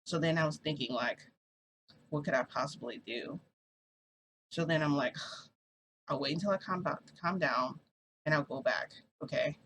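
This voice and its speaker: A woman's voice: sits low, moderate pace, pauses often, fairly bright tone, slight background noise, rough recording. A woman vlogger telling a long story in a casual, rambling way, swearing and acting out what people said.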